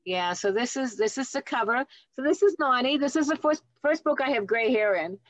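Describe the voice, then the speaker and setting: A woman in her seventies, a guest author and teen counselor, telling warm family stories on a video call and acting out the voices in them. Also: high voice, a little fast, slight background noise, low-quality recording. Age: 70s. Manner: animated storyteller, acts out voices in her stories. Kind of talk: casual storytelling on a video call.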